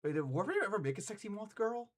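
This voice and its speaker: Excitable man chatting on stream. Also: sits high, fast talker. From United States. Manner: excitable, swears a lot, bursts into laughter. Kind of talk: casual chat with viewers.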